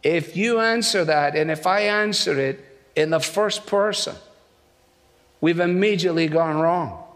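A male preacher with a Scottish accent, preaching in a measured, deliberate way with dry humor. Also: on the high side, a bit bright. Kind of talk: sermon. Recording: long hall reverb, played sermon video.

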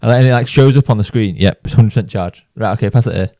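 A man's voice: lowish voice, quick pace, mellow, no room sound. English guy on a golf pod, telling a story, laughs a lot, dry close sound. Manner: anecdotal, laughs often while telling a story. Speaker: podcast co-host. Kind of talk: casual chat.

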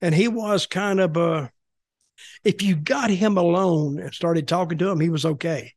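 A man's voice: sits high, moderate pace, no echo. Blunt rambling older man, dry close mic. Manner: rambling, blunt, repeats himself. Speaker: podcast guest, former wrestling executive. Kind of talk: casual storytelling chat.

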